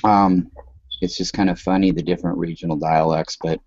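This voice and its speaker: Deep-voiced man rambling in casual talk. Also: flat delivery, fairly quick, a little mellow, dry recording, lo-fi sound. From American West Coast. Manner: rambling, loose, swears casually. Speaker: co-host. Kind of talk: casual chat.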